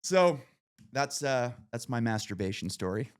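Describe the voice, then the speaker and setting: A man hosting a podcast, telling a long profane story in casual chat with lots of animated rises. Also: on the low side, fairly quick. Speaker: podcast host.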